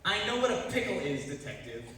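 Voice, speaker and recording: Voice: mid-range voice, big pitch swings, moderate pace, fairly bright tone. A performer playing a scheming chef who puts on a bad French accent, with hammy, evasive delivery. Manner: hammy, evasive, nervous laughter. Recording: echoey room, distant mic, faint noise.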